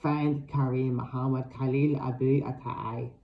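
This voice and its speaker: Man playing a toothless old hag of myth, husky and haunting, lilt, storybook reading. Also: little pitch movement, unhurried, dull audio, a little hiss or hum. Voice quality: raspy, low, husky, whistling through missing teeth. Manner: haunting whispers that turn into shrill yells. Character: toothless old hag, the Morrigan, eerie and crabby.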